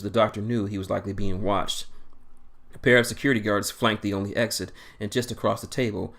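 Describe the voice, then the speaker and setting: Low-voiced man reading a story aloud. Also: fairly bright tone. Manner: plain reading with frequent self-corrections. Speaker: story reader.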